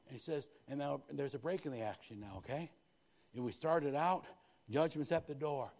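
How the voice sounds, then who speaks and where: A male pastor preaching a sermon, swinging from loud, rising exhortation to hushed, quiet confession, often speaking in quoted prayers and repeating phrases. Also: mid-range voice. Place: church.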